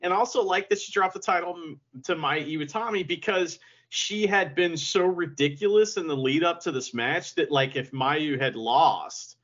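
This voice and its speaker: A man co-hosting a podcast in casual chat, joking and excitable, with frequent profanity. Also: a little high, normal speed. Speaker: podcast co-host. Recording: muffled lo-fi podcast audio.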